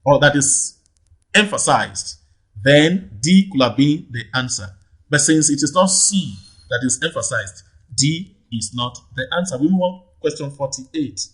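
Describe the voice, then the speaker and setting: A man teaches an exam lesson, walking through each option patiently. His voice sits a little high with a husky edge, and he often repeats the question number and checks in with "right?". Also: lively intonation, unhurried, fairly bright tone, low-quality recording. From Nigeria. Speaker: exam tutor. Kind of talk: teaching lesson, explaining answers.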